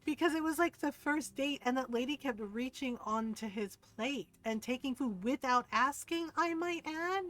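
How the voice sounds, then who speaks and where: A woman's voice: high-pitched, normal speed, few pauses. Chatty, swearing woman game streamer. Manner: animated gossipy storytelling, swears freely. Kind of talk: casual live-stream chat.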